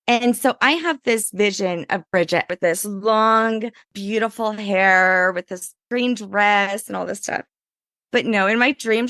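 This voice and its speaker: Woman guest, chatty and animated, gravelly edge, mid pitch. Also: dry recording, studio quality. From Louisiana. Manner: animated, full of "like", acts out voices in her story. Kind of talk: casual interview storytelling.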